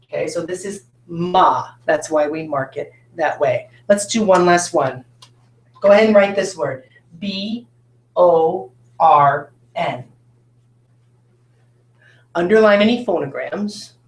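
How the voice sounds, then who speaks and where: A woman's voice: fairly low pitch, slow pace, pauses often. A woman teacher giving a recorded phonics lesson, patiently asking questions and answering them herself. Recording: echoey room.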